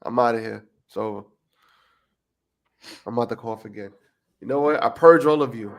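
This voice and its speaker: A man's voice: medium pitch, lively intonation, brisk, long pauses, a bit bright, soft background music. Tired, rambling man podcasting late. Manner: rambling, self-mocking, swears a lot. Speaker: podcast co-host. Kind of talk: casual livestream podcast chat.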